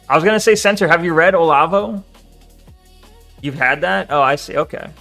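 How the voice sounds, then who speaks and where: Streamer dude w a gravelly voice, kinda high for a guy, reads chat and swears a lot, faint music behind. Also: normal speed, long pauses, bright, forceful tone. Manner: reads chat aloud and answers it, swears freely, chuckles. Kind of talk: casual live-stream chat.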